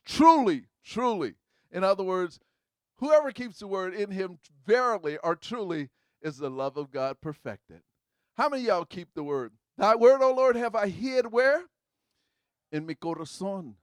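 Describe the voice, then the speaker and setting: High-voiced man preaching with fervor. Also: no room sound. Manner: call-and-response preaching, swings from hushed to shouting. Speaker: pastor. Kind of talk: sermon.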